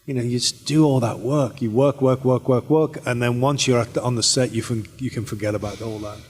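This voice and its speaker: A British actor answering fan questions as a panel guest at a convention speaks fast in a mid-range voice with a breathy edge. He's relaxed and rambling, full of fillers and restarted sentences, and the large hall adds long reverb.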